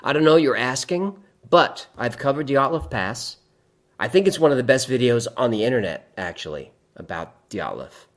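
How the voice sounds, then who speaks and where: A man's voice: medium pitch, very animated, normal speed, a bit bright. A man hosts a loose, chatty livestream and reads viewer comments aloud. He goes off on wry, rambling asides and often breaks into laughter at his own jokes. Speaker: livestream host reading chat. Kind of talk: casual livestream chat.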